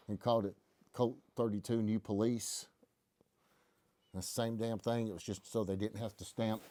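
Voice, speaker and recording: A man's voice: fairly low pitch, mellow, no room sound. A man hosting a casual live stream from a gun shop, telling stories in a folksy, joking way. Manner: folksy, joking, rambling explanations. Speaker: host.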